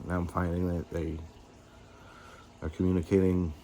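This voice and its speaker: A man's voice: low voice, flat delivery, normal speed, warm tone, slight background noise. A middle-aged man hosting his own vlog, venting candidly and agitated, swearing and stumbling over fillers. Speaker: YouTube host. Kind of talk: candid personal vlog rant.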